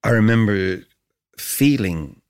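A man's voice: fairly low pitch, lively intonation, slow, clear, resonant tone. A man, a musician guest in an interview, talking reflectively and searching for words with frequent restarts. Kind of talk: casual interview conversation.

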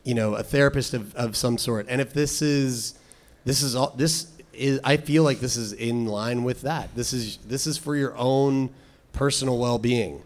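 A man's voice: medium pitch, normal speed. A man co-hosting a casual advice chat, talking in a rambling way with many fillers and restarts.

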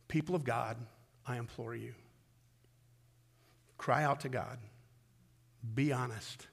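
A man preaching a sermon as pastor, swinging from loud emphatic peaks down to low, intimate pleading. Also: slow, gravelly, long pauses, breathy edge, big-room sound. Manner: impassioned, rising to loud peaks then dropping low and intimate.

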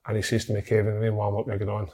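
A man's voice: lowish voice, monotone, warm tone, breathy edge. A Scottish man in his thirties, a former footballer, talking casually and reflectively about his playing days. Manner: reflective, unhurried storytelling with swearing. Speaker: former footballer, podcast regular. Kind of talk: casual chat.

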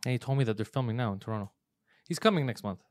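A man hosting a comedy podcast, telling stories in fast, profane casual chat with lots of fillers. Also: medium pitch, expressive, dry recording, studio quality.

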